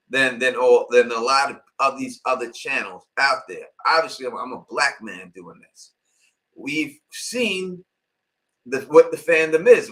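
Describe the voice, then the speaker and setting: A YouTube channel host from Queens, New York, with a New York accent and a highish, sharp voice, runs a casual live-stream Q&A. He speaks emphatically and insistently, repeating "you know what I mean," over a rough recording.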